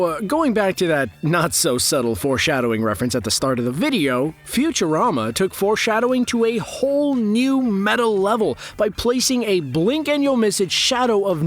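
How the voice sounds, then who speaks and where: A man giving scripted narration for an online countdown video, with a lively, animated delivery. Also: high voice, moderate pace. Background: faint background music.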